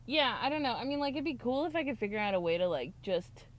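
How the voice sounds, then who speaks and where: A woman's voice: a little high, lively intonation, fast talker. A young woman co-hosting a podcast, telling a rambling story in casual chat, swearing freely and laughing often. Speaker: podcast co-host.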